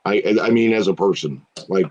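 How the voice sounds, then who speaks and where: A man's voice: low-pitched, brisk, a little mellow, breathy edge, dull audio. A man from Puerto Rico co-hosting a live stream by remote call, blunt and joking as he reads the chat aloud. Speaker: co-host of live fan show.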